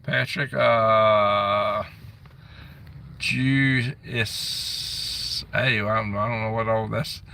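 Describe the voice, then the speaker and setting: Man, gravelly low voice, bright edge, casual live stream host reading comments, a bit off the phone mic. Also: recorded from a distance, slight background noise. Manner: reads out viewer comments and locations; chatty, grumbling asides.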